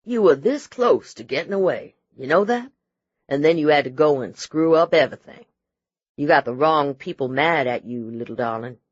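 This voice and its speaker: A man's voice: mid-range voice, normal speed, fairly bright tone, husky, no echo. A man narrating an audiobook voices a smug, menacing male sheriff who taunts and brags, on dry, slightly dull audio. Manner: taunting, bragging, condescending.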